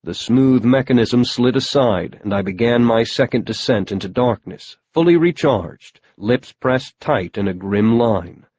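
A man's voice: mid-range voice, expressive, unhurried, hardly any pauses, a little mellow, muffled recording. A man narrating a first-person audiobook in a wry, matter-of-fact storytelling manner.

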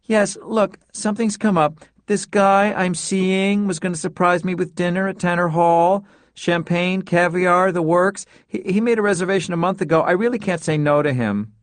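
A man's voice: high voice, normal speed, few pauses, dry recording, voice pushed up, close to an everyday voice. A man voicing a flustered middle-aged woman secretary who apologizes in a struggling way, in a storybook reading. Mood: apologetic.

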